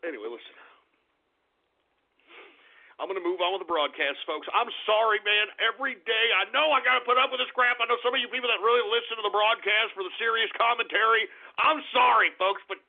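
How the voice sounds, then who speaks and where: A man's voice: very high voice, gravelly. A male talk radio host delivering an angry, profane political rant. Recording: narrow phone-like radio sound.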